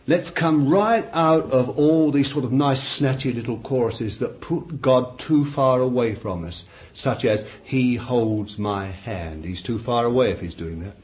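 An Englishman preaching a sermon with fervour, swinging from loud exhortation to quiet asides. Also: medium pitch, animated, unhurried, few pauses. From England. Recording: dull lo-fi recording with faint hiss.

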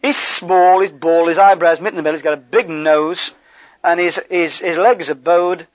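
Male preacher, high-pitched, conversational sermon delivery, muffled recording. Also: normal speed, dry recording. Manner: conversational, animated preaching with gestures and asides.

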